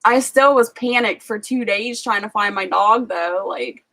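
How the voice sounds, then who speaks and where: A woman's voice: medium pitch, unhurried, gravelly, bright, forceful tone. A woman hosting a casual livestream from a rural farm home, telling chatty stories full of "like" and asides. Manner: chatty storyteller, lots of "like". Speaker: livestream host. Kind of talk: casual chat.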